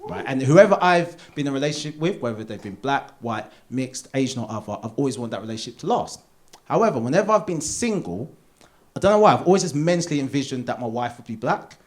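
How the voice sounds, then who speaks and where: Animated comedian on a theatre stage. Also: male voice, fast. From Essex, England. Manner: animated, jumps into high put-on voices for characters. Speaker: stand-up comedian. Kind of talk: live stand-up set. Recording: live theatre recording with audience noise.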